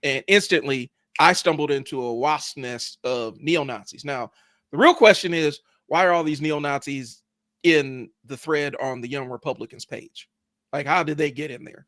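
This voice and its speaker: A man co-hosting a podcast in casual chat, talking in a sarcastic, lively way with lots of "like" and "you know". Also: a little high, moderate pace, no echo, studio quality. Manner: sarcastic, animated, many fillers like "like" and "you know". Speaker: podcast co-host.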